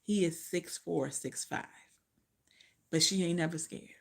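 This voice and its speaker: Chatty woman with a gravelly voice. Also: lowish voice, a little slow. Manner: chatty, profane, loses track and self-corrects. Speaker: book reviewer. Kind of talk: casual book recap.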